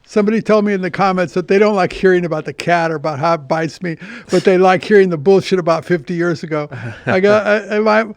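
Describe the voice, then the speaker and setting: Older guy hosting a podcast, high voice, dry close sound, rambles and restarts a lot, swears. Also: fast, dry recording. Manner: rambling, repeats words and restarts, swears bluntly. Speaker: podcast host. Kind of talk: casual podcast chat.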